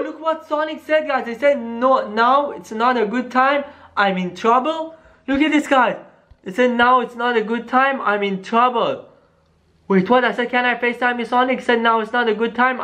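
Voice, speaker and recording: Brief: excitable vlogger hosting a spooky phone-call skit, mid-pitched voice, talks to viewers, swings into hushed tension. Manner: excitable, keeps saying "guys", drops to hushed tones. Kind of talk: staged scary phone-call skit vlog.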